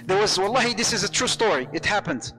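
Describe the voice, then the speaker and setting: Guy preaching about marriage, high bright voice, jokey and animated, drops arabic words, faint music behind. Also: quick pace. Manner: animated and humorous, acts out quoted voices; sprinkles Arabic phrases into English. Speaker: Muslim preacher. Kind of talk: lively sermon on marriage.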